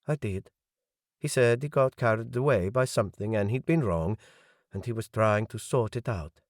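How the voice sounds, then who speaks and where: A male audiobook narrator playing a grieving young man who speaks in a measured, rueful way. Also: lowish voice, dry recording, studio quality, lightly acted. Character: young adult man, grieving politician's son, guarded.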